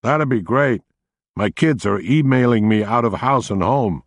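A man voicing a friendly, slightly awkward male state trooper with an upstate New York accent, speaking in a folksy, halting way. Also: mid-range voice, dry recording, pitched above the performer's own voice. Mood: friendly, uneasy.

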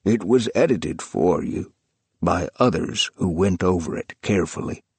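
A man's voice: sits low, a little slow, gravelly, husky, dry recording, exaggerated voice. A man voicing an earnest elderly man who coaxes and pleads. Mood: coaxing. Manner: urgent, coaxing, pleading.

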